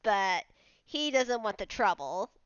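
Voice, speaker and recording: Clear-voiced woman narrating role-play. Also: medium pitch, slow, dry recording. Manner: calm, plain action narration. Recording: dull, dry lo-fi mic.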